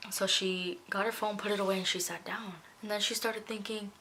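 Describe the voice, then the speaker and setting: A woman's voice: mid-range voice, fairly even intonation, a little fast, pushed and bright, a little hiss or hum. A young woman telling a personal story in a casual vlog, emotional and close to tears at times. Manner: emotional, tearful retelling. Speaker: vlogger.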